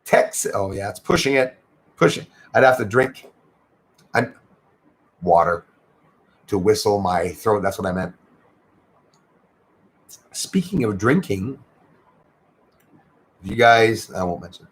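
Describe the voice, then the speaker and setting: A man's voice: lowish voice, expressive, takes it slowly, long pauses, poor audio. A man hosting a livestream, chatting casually and upbeat with his viewers and thanking them by name. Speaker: livestream host.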